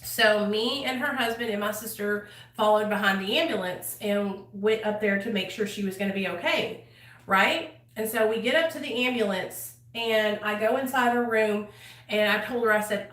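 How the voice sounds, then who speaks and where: A woman's voice: mid-range voice, normal speed, a bit bright, far from the mic. A young woman, telling a personal story to viewers in a candid, casual way and swearing freely. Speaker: vlogger. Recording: echoey room, a little off mic.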